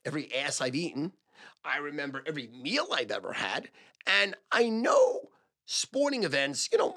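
A brash older man talks to camera in a loud, profane rush, hammering the same phrases again and again. His voice is gravelly and bright-edged, and his pitch swings widely as he pushes each point. He sounds like a man who has spent decades selling sports picks. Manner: loud, profane and emphatic, repeating phrases for punch. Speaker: sports gambling advisor and show host. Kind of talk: casual monologue to camera.

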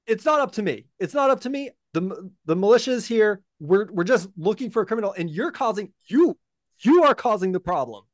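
A man's voice: high-pitched, big pitch swings, fairly quick, no room sound, studio quality, voice pushed up. A man voicing a pushy male militia officer who insists and repeats himself. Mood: blustering. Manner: insistent, repetitive.

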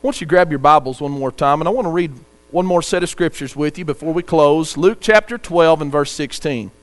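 A man's voice: on the high side, brisk. A man preaching a sermon, earnest, reading scripture aloud and telling a story to the congregation.

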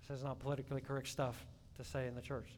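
A man preaching a sermon in a church, swinging between loud emphatic peaks and soft hushed asides. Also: little pitch movement, fast. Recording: long hall reverb, faint rumble.

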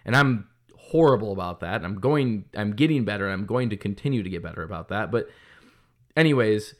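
A man's voice: lowish voice, lively intonation, fairly quick. A man who runs a business, telling a frustrated story in a casual, profane, heated monologue. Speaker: business owner opening a kart track.

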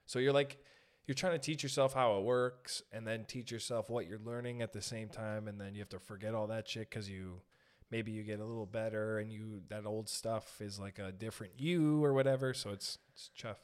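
A man's voice: lowish voice, fairly even intonation, normal speed. Brief: man, comedian host, laid-back, rambling, dry teasing. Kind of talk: casual chat.

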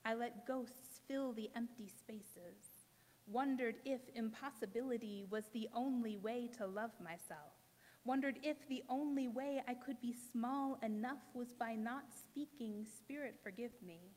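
A woman poet performs spoken word on a stage before a live audience, each phrase measured and emphatic. Her voice sits a little high, and she takes her time with it. The sound rings out with a long hall reverb. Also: a little mellow. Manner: measured, emphatic poetic delivery with deliberate pauses.

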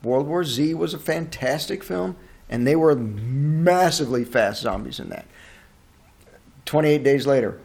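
Ranting, higher-voiced man hosting a podcast. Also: unhurried, vocal fry. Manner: animated, profane, incredulous ranting. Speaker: podcast host and movie reviewer. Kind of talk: casual podcast chat.

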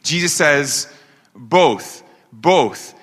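Guy preaching a sermon, punchy bright voice, keeps asking the crowd questions, big echoey hall. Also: fairly high pitch, expressive. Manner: emphatic, rhetorical questions, slows down on key phrases. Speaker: pastor. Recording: long hall reverb.

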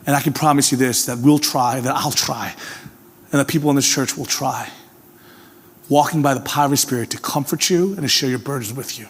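A male pastor preaching a sermon, earnest and personal, swinging from emphatic calls to hushed, tender appeals. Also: medium pitch, a little fast, breathy edge. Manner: earnest, swings from emphatic to hushed, repeats "can I tell you". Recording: long reverb of a large hall.

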